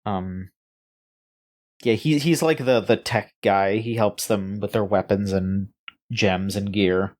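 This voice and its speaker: A man co-hosting a casual gaming news podcast, rambling and halting with frequent restarts and fillers. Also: on the low side. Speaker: podcast co-host.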